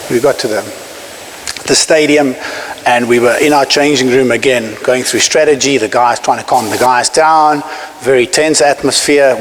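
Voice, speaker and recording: South African man giving a keynote in a hall. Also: medium pitch. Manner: storytelling, emphatic, with pauses for effect. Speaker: keynote speaker. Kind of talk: inspirational keynote speech. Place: large conference hall. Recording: hissy hall recording, echoing.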